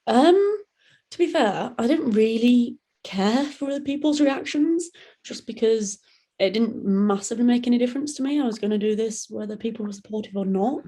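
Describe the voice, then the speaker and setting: A young British woman, a guest in a podcast interview, talking in a relaxed, chatty way and acting out other people's lines. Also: normal speed. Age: young adult. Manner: laid-back, chatty, acts out quoted voices with big pitch jumps. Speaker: guest, solo ocean rower. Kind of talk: casual interview talk.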